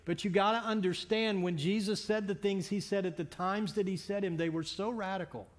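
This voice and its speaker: A man's voice: high voice, steady tone, fairly quick. A man preaching as a pastor in a church, telling a story conversationally with frequent restarts and repeated words. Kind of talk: sermon.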